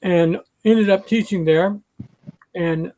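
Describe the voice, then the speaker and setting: A man's voice: high voice, slow, dark tone. A man hosting a casual livestream chat, rambling and reading out viewer comments. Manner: rambling, chatty. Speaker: livestream host.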